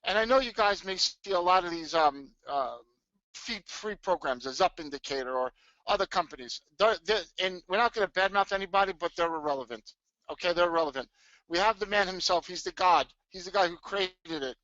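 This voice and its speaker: A middle-aged man hosting a live trading webinar from his home, talking in an excitable, hyped way full of restarts. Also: high voice, a little fast, no room sound. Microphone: webcam mic. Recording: dull lo-fi webcam audio.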